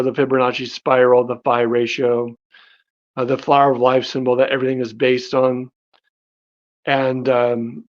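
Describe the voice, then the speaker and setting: A man casually telling his life story, animated, with many fillers and restarts. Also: mid-range voice, highs cut off. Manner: animated, acts out quoted dialogue in his own voice.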